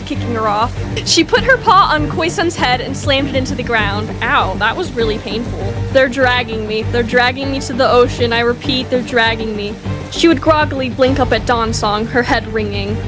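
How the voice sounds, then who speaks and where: A woman reading a story roleplay aloud as narrator and player, animated and jumping higher on shouted lines. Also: normal speed, music in the background. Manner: animated, rises high for shouted character lines.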